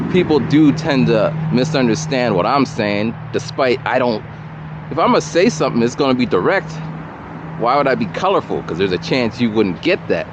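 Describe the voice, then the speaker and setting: A man tells a long, rambling story while he walks along a road outdoors. His pitch swings widely as he talks. It is picked up by a camera mic, so the sound is dull and slightly muffled, with faint traffic behind him. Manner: animated, rambling, repeats himself. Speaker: vlogger. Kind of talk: casual storytelling while walking. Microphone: camera or phone mic, no separate mic.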